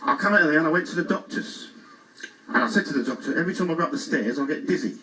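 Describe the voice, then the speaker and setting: A man's voice: fairly high pitch, animated, racing, pushed and bright. A man from England doing a stand-up impression of a classic comic, telling bumbling one-liners with self-mocking asides on a cruise ship stage. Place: cruise ship show lounge. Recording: distant mic, faint noise. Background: audience laughter.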